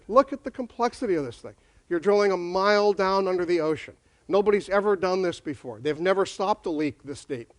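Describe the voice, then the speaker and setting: Guy with a fairly high voice lecturing a crowd, punchy, keeps firing questions. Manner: energetic, questioning, conversational lecturing. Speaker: speaker on leadership. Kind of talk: conference talk to an audience.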